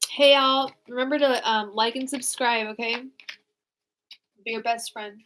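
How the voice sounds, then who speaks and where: A woman's voice: a little high, steady tone, a little slow, a bit bright. A young woman giving casual live tarot readings, answering viewers in a frank, chatty way with lots of fillers and restarts. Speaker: tarot reader.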